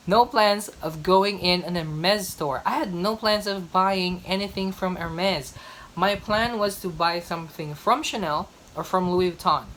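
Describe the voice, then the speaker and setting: A young woman from the Philippines vlogs in a casual, emphatic way, often doubling her words for effect. Her voice sits a little low. A faint noise runs under the recording. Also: fairly bright tone, poor audio. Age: young adult. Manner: chatty, emphatic, fond of repeating herself. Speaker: vlogger. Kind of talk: casual chat.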